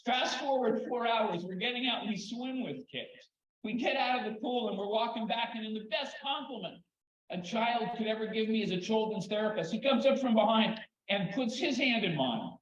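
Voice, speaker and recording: An older man speaks in a high, light voice, telling stories with lively, animated pacing and long dramatic pauses. He is giving a keynote talk in a large hall, and his voice echoes around the room. The recording sounds a little dull and muffled. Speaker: keynote speaker, children's therapist. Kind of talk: storytelling conference talk.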